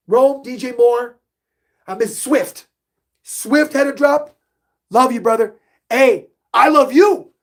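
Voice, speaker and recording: Excitable man hosting a live sports stream. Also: very high voice. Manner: animated, hypes himself up, reads chat questions aloud. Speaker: podcast host reading live chat.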